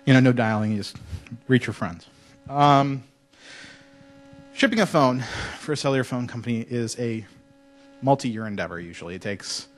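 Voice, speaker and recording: A man giving a casual, joking conference talk to students in a lecture hall, telling stories with lively asides. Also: on the low side. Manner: casual, joking storyteller with mock French voices. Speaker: conference speaker.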